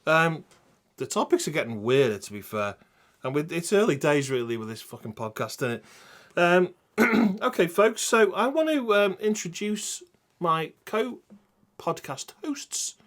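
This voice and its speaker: A man's voice: fairly high pitch, big pitch swings, measured pace, a bit bright. A man hosting a crude comedy podcast, teasing his co-hosts in a mock-dramatic, sweary way. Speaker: podcast host.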